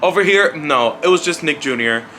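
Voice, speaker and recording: An animated young vlogger around twenty speaks at a moderate pace in a pushed, bright voice on the high side. His casual life update is a rambling, blunt personal story full of swearing and fillers, with slight background noise.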